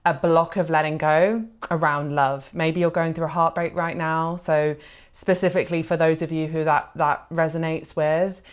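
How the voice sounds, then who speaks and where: A woman with a notably low voice gives a pick-a-card tarot reading. She speaks gently and reassuringly, with a heartfelt tone and soft filler words throughout. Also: fairly even intonation, moderate pace, clean tone. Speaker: tarot reader.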